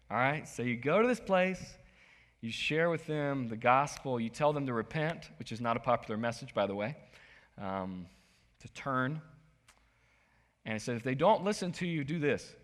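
A man preaching a sermon as pastor, animated, swinging between soft asides and sudden loud bursts. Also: mid-range voice, a little slow, pauses often. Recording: long hall reverb.

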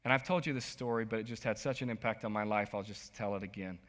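A man preaching a sermon as pastor, animated, swinging between soft asides and sudden loud bursts. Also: on the low side, fast talker. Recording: long hall reverb.

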